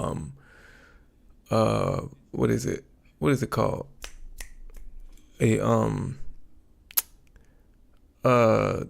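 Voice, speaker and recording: A man hosting his livestream in a relaxed, rambling way, often pausing to search for words. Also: mid-range voice, gravelly. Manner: rambling, chatty, searches for words with many ums. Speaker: YouTube livestream host. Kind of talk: casual livestream chat.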